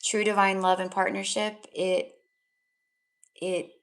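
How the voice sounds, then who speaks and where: A woman's voice: medium pitch, flat delivery, slow. A woman giving live psychic tarot readings, talking in a soothing, affectionate way with lots of fillers. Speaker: tarot reader.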